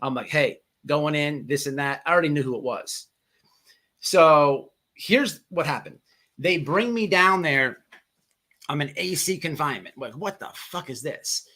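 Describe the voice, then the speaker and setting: A man's voice: a little high, lively intonation, unhurried, bright, forceful tone. A man hosting a casual livestream, telling a long profane jail story with many repeated words. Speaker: livestream host.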